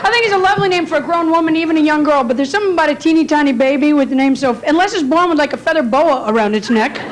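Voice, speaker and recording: A woman's voice: high-pitched, rapid-fire. A woman doing stand-up and emceeing on a club stage, chatting directly with the audience. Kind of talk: stand-up comedy set. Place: comedy club stage before a laughing audience. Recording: live club recording with crowd noise.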